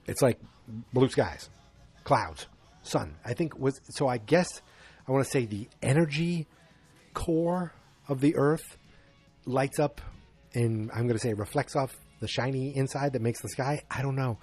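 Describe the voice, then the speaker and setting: A man's voice: mid-range voice, a little slow, pauses often, a little mellow, slightly rough, faint music behind. A male podcast host walks through a film plot in a loose, rambling way. He drops in sarcastic jokes and admits what he doesn't understand. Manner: rambling, sarcastic, self-deprecating asides. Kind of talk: casual movie recap.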